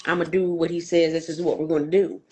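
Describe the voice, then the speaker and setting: A woman's voice: deep voice, little pitch movement, quick pace, a little mellow, slightly rough. A woman on a casual podcast panel, stating her views firmly and bluntly, repeating her points. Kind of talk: casual debate chat.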